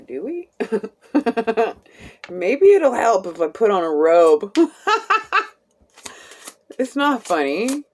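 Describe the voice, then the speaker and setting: A woman's voice: mid-range voice, sing-song, a little mellow. A woman giving a casual live tarot reading, chatty and laughing often, with casual swearing. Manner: slow, drawn-out delivery. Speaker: tarot reader.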